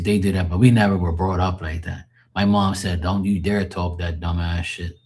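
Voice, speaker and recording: This livestream tarot reader, born in the stream's country to a Portuguese family, chats casually and rambles, explaining words to viewers with plenty of fillers. His voice is deep with a darkish tone.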